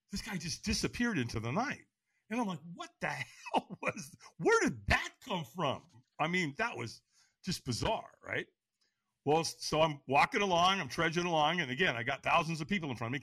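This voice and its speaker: A man's voice: on the high side, bright, forceful tone, dry recording. A middle-aged man telling a personal story as a podcast guest, acting out other people's lines in a raised voice and laughing often. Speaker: podcast guest, firewalk instructor. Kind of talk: animated storytelling.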